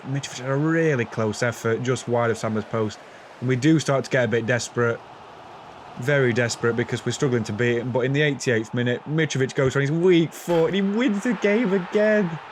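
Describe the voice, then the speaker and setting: A man's voice: mid-range voice, slight background noise. A young man, chatting casually and self-deprecatingly through his football game footage. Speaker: gaming YouTuber. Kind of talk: casual gameplay commentary.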